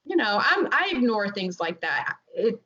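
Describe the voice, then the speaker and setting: Medium-pitched and sing-song, her voice is bright and forceful at a moderate pace. She's an amateur dressage rider living in North Carolina, chatting earnestly and at length as a casual podcast guest with many restarts, recorded in dull lo-fi audio.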